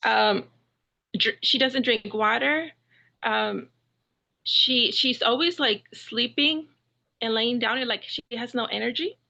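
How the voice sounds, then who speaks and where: A woman caller from Texas, hesitant and full of ums, laughing softly. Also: on the high side, takes it slowly, vocal fry, muffled recording. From Houston, Texas.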